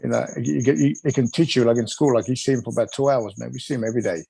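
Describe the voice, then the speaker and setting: A middle-aged man in a relaxed interview, swapping stories with lively energy and frequent laughter. His voice sits at an ordinary male pitch, recorded dry and close with no room echo. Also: rapid-fire, creaky, breathy edge. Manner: animated, laughs often, acts out other people's voices. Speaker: guest, retired wrestler. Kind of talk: casual storytelling interview.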